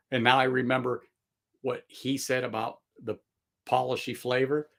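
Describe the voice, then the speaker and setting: A man's voice: mid-range voice, level tone, unhurried, creaky, a bit bright. A man hosting a casual livestream chat, rambling with many fillers and restarts and laughing often. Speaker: livestream host.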